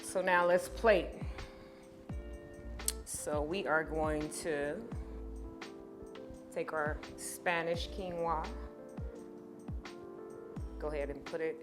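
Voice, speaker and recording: A woman's voice: deep voice, steady tone, extremely slow, pauses often. A woman hosting a home cooking tutorial, chatting playfully and speaking straight to her viewers. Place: home kitchen. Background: music.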